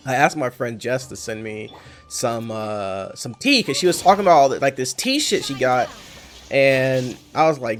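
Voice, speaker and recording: A man's voice: mid-range voice, expressive, unhurried, soft background music. Rambling casual young man streamer. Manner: rambling, self-correcting, swears freely. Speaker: game streamer. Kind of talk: casual chat while playing a game.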